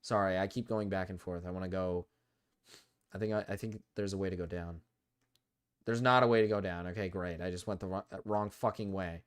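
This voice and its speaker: A man's voice: sits low, steady tone, fairly quick, clear, resonant tone. A young man with a cold, swearing and complaining in frustration as he commentates a live gaming stream. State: sick with a cold.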